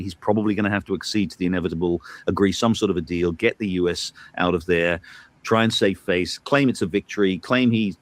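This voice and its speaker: A man with a deep, low voice talks through politics on a talk show. He hesitates often, filling pauses with ums and restarting phrases, then leans in emphatically on his key points. The sound is dry and close. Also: dry recording. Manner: hesitant, many fillers and restarts, grows emphatic. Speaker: political commentator. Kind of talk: analytical commentary chat.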